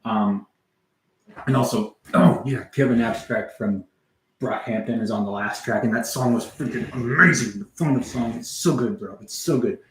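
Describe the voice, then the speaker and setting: On a music livestream, a man with a medium-pitched voice chats casually at a normal pace, rambling and wandering, tossing out offhand swears and answering his chat as he goes. The room is echoey, with slight background noise.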